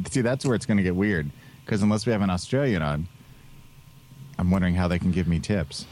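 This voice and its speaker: A man's voice: low voice, fairly quick, darkish tone, a little hiss or hum. A man hosting a podcast in casual chat, rambling with many restarts and laughs. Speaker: podcast host.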